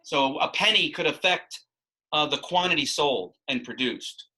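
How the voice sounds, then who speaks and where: Bright-voiced rambling math teacher man. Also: on the high side, animated, unhurried, poor audio. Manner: explanatory, rambling with many restarts. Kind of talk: classroom instruction.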